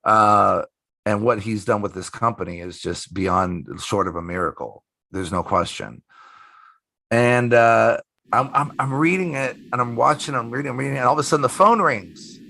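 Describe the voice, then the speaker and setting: Middle-aged man, bright and punchy, casual storyteller who swears and acts out quotes; interview guest. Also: on the low side, moderate pace, creaky. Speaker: magician guest.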